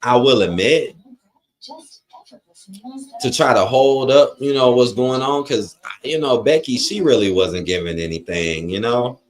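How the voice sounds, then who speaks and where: A man's voice: medium pitch, animated, measured pace. A man hosting a live watch-along stream, reading chat comments aloud and giving blunt, profane opinions in a loose, rambling way. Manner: loose, rambling with frequent fillers.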